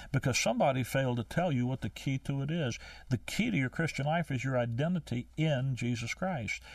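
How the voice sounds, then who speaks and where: An older man preaching a sermon, emphatic, slowing down to stress key phrases. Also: mid-range voice, creaky, no room sound, far from the mic.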